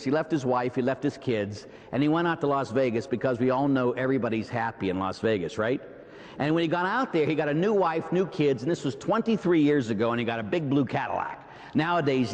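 A Catholic priest with a Pittsburgh accent delivers a sermon, his pitch swinging widely up and down. He keeps throwing rhetorical questions at the congregation. His voice rings out in the long reverb of a large church. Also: fast talker. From Pittsburgh, USA. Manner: animated preaching, peppered with rhetorical "huh?" and "right?".

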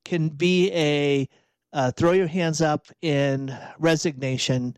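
A man's voice: on the high side, takes it slowly, clean tone, no room sound. A man from outside Boston hosting a reflective spiritual talk, conversational, repeating and restarting phrases with rhetorical asides. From outside Boston, USA. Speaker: podcast host and executive coach.

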